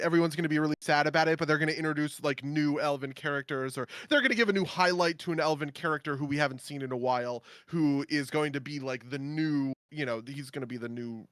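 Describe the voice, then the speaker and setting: A man co-hosting a casual gaming podcast in a bright, forceful voice that sits a little high. He talks in an animated way, laughing often and tossing in playful asides. The sound is dry and close. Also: dry recording. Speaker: podcast co-host. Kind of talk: casual chat about video games.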